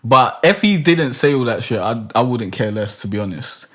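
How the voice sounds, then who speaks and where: A man's voice: medium pitch, lively intonation, normal speed, a bit bright. A young man hosting a podcast, chatting casually in a loose, rambling way full of fillers and hesitations. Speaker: podcast host. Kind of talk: casual chat.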